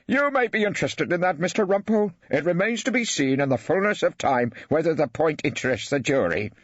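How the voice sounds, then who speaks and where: An actor playing a pompous, irritable judge in an audiobook, speaking weightily and condescendingly. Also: male voice, a little high, animated, brisk, no echo, pitched above the performer's own voice. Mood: irritated. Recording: dry, slightly dull studio.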